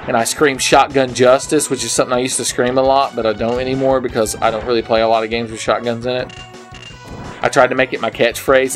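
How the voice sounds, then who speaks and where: A slightly drunk young man plays a video game and talks over it, with rambling, foul-mouthed commentary that drops to mutters and then jumps into shouts. His voice sits at an ordinary middle pitch, his words slur a bit, and faint game music plays underneath. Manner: rambling, profane, swings between mutters and yells. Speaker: gaming video maker. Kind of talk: drunken let's play commentary. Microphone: headset.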